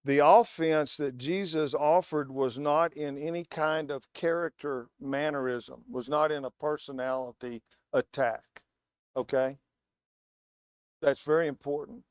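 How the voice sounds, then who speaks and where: Guy preaching, tells stories, hits words one at a time, kinda high voice, dry sound. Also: fairly even intonation, a little slow, clear, resonant tone, no room sound. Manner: storytelling, emphatic, word-by-word stress. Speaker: guest preacher. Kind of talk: sermon. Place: church.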